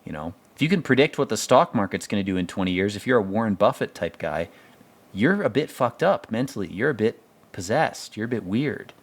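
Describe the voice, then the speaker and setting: A man with a lowish voice talks through a TV episode in loose, profane commentary. His pitch swings widely as he rambles from one blunt opinion to the next. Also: lively intonation, fairly quick. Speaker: podcast host commenting on a TV episode.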